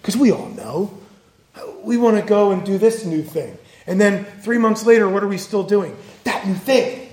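A man's voice: high-pitched, moderate pace, darkish tone, echoey room, a little hiss or hum. A man preaching a sermon, earnest, driving his points home with repetition and rhetorical questions.

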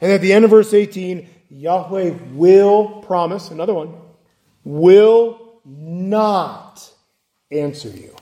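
A man preaching in a high voice, earnest and emphatic, leaning on repetition and rhetorical questions. His sermon rings through an echoey church hall. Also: slow pace, dark tone.

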